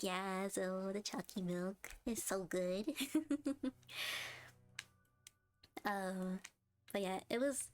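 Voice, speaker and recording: A young woman streaming a game live, chatting and giggling as she reads her chat aloud and reacts to the story. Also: medium pitch.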